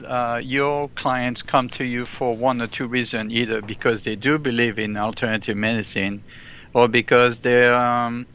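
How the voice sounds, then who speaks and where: A male podcast host with a smooth, resonant voice. He chats in a relaxed way and drops in quick affirmations as he asks his questions. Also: medium pitch. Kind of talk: casual interview chat.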